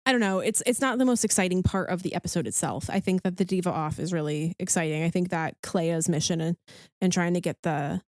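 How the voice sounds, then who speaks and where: A woman's voice: fairly low pitch, a little fast, darkish tone, dry recording, studio quality. A woman co-hosting a podcast in casual chat, bubbly and enthusiastic, with lots of "um" and "like". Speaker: podcast co-host.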